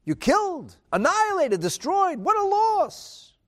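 A fickle ancient Persian king who frets and exclaims, pitched high with wide swings, played by a man quoting him in class. He sounds fussy and petulant rather than regal. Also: huge pitch swings, a little slow, full character voice. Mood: fretful.

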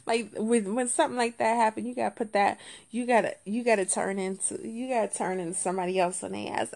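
A woman hosting a podcast, telling a story in casual chat with lots of repetition, jumping between low muttering and high, indignant exclaims. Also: moderate pace, gravelly. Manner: colloquial, repeats phrases. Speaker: podcast host.

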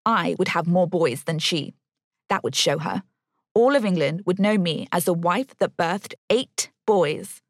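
A woman's voice: lowish voice, expressive, unhurried, dry recording, studio quality. A woman narrating a first-person novel in a wry, bitter tone.

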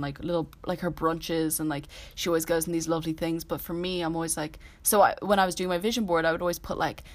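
Rambling young woman, lots of "like". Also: fairly low pitch. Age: 20s. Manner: rambling, heavy use of "like", earnest. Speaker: host. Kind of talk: casual solo podcast chat. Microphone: laptop.

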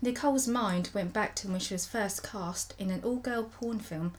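A woman's voice: mid-range voice, moderate pace, heavy background noise. A woman co-hosting a podcast, reading a story aloud and often breaking into giggles. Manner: giggly, reads with frequent laughter. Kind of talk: casual chat and reading aloud.

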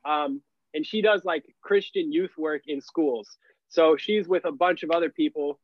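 A man's voice: on the high side, unhurried, dry recording. A young man telling a story casually as a podcast guest, leaning on "like" as a filler. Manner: animated, heavy use of "like" fillers. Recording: dull, lo-fi and dry.

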